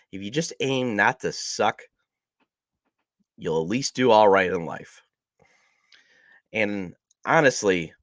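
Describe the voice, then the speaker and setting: Man, podcast host, low-pitched, stuffy nasal voice from a cold, casual jokey delivery, dead-dry sound. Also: a bit bright, dry recording. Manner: chatty, self-deprecating jokes. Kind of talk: casual sports podcast talk.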